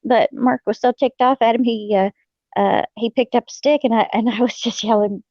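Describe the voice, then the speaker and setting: A woman's voice: on the high side, steady tone, normal speed, no room sound. A middle-aged woman, hosting a casual chat and telling folksy stories with frequent laughs and fillers. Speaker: host. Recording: dull lo-fi sound.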